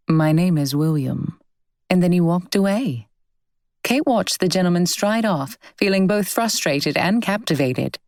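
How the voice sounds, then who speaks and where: A woman narrating a novel as an audiobook in an even, measured storytelling manner. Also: on the low side, no echo.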